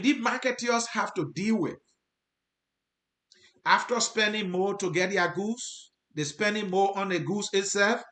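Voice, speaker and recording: Here the host, a man with a Liberian accent, addresses his viewers with earnest commentary, going over his points again for emphasis. His voice sits high with a fairly bright tone, and the audio has a roomy, echoing feel.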